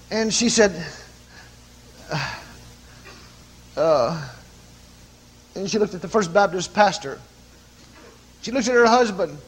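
Male preacher, high husky voice, lively storytelling sermon. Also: measured pace, long pauses. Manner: animated, rising to loud commanding calls.

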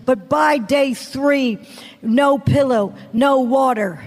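A woman's voice: sits high, slow pace, darkish tone. A woman preaching a sermon as a personal testimony, telling her story dramatically and acting out the people she quotes. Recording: long hall reverb.

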